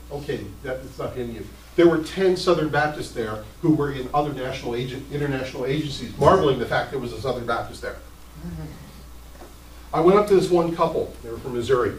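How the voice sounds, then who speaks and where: A middle-aged male pastor delivering a sermon, telling stories in an animated, emphatic way with sudden jumps in pitch. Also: a little hiss or hum. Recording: roomy sound from a distant mic.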